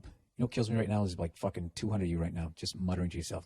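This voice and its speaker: A man's voice: low-pitched, fairly even intonation, fast, mellow, breathy edge. A middle-aged man with a Boston accent, hosting a comedy podcast and giving sarcastic, profane, rambling advice full of restarts.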